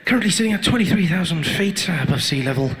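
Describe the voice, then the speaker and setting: A man playing a calm male airline pilot, giving an unhurried routine announcement full of uhs, in a stand-up act-out. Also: sits high.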